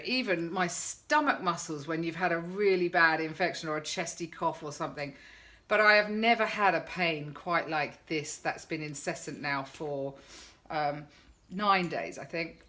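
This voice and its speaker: A woman's voice: lowish voice, sharp tone. A middle-aged woman vlogging in a chatty, sarcastic way, telling her followers about her day. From England. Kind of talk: casual chat to camera.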